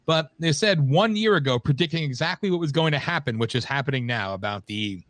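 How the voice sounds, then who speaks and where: A man's voice: a little high, expressive, brisk, no room sound. A man co-hosting a radio talk show, griping bluntly and wryly with frequent swearing. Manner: blunt, profane, wry griping. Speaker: co-host. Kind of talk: casual political chat.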